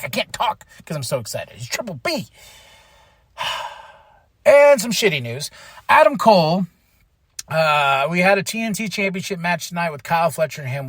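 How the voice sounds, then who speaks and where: A young man from Texas hosting a podcast, excitedly recapping wrestling matches in a loose, swearing, animated way. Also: high voice, no room sound, studio quality. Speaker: podcast host.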